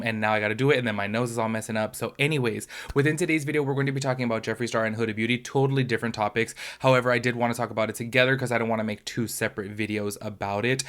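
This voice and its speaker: A man's voice: lowish voice, a bit bright. A man hosting a casual commentary video, sounding nasally and congested, rambling and gossipy with lots of fillers. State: congested from allergies. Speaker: YouTube commentary host.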